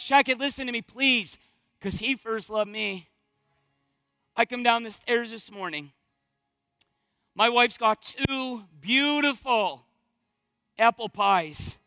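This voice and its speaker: A man's voice: very high-pitched, pushed and bright, dry recording. A middle-aged male pastor preaching a sermon with rising fervor and rhetorical questions.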